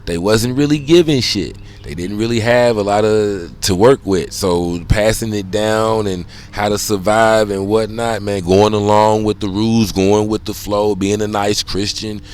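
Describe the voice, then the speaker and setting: A man's voice: fairly low pitch, steady tone, unhurried, hardly any pauses, darkish tone. A middle-aged man hosting a casual monologue, loose and conversational, swearing often and checking in with "you know what I'm saying.". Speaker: podcast host.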